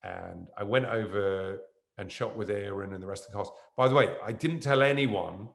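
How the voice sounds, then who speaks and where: A man's voice: on the low side, normal speed, creaky, roomy sound. A man, an actor as guest, telling a rambling anecdote on stage that jumps around. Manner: animated, jumps around in the story. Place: university event room.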